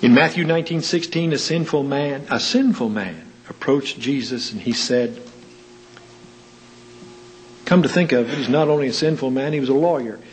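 A man's voice: normal speed, slight background noise, poor audio. A man preaching a sermon, asking rhetorical questions and telling anecdotes with dry humor. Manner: rhetorical questions with wide pitch swings.

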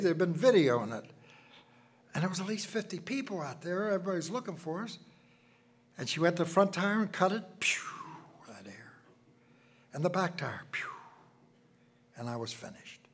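An older man preaching a sermon, telling folksy personal stories and swinging from loud emphasis to hushed asides. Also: high voice, breathy edge.

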